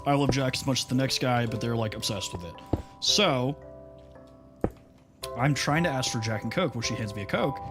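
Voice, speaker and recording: A man's voice: mid-range voice, lively intonation, normal speed, long pauses, over music. An American man streaming a game while chatting casually, telling loose stories peppered with "like" and "bro". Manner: loose storytelling full of "like" and "bro". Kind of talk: casual chat while gaming.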